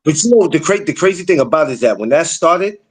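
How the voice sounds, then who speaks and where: A man, hosting a podcast and telling stories in a loose, animated, swear-heavy way. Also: a little high, fast, rough recording. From the Bronx, New York. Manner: animated storytelling, swears freely, repeats for emphasis. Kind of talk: casual chat.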